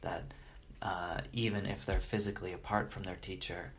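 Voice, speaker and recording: With a deep voice and little pitch movement, a man tells stories at a moderate pace as a guest in an interview, sounding earnest and reverent. He often starts his sentences over partway through. There's slight background noise.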